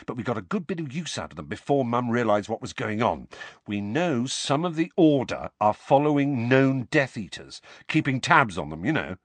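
A man's voice: mid-range voice, big pitch swings, moderate pace, no echo. A man voicing an offhand, chatty teenage boy.

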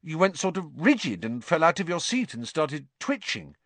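A man's voice: on the high side, very animated, moderate pace, a bit bright, no room sound, pitched above the performer's own voice. A man reading an audiobook, voicing a clever teenage girl who speaks in an earnest, anxious way. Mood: worried. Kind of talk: audiobook character voice.

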